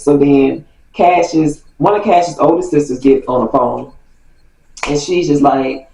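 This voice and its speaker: A woman tells a family story in a casual storytime style. She is animated, stops to correct herself, and laughs along the way. The recording has a roomy echo, with her voice sitting away from the mic. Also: low voice, unhurried, far from the mic. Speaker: storytime vlogger.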